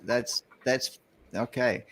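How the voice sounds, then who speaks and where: A man's voice: mid-range voice, fairly even intonation, slow, a crowd in the background. An older man hosting a casual talk show, rambling in a jokey way and reading out one-liners. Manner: jokey, rambling, telling jokes. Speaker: show host.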